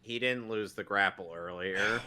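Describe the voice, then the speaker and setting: A man's voice: lowish voice, a little slow, pushed and bright, clear, resonant tone. A man co-hosting a casual movie commentary, mocking and incredulous at what he watches.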